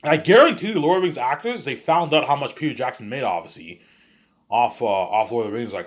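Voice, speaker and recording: A man's voice: mid-range voice, very animated, brisk. A man rambling in a casual monologue, repetitive and boastful. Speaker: monologue host.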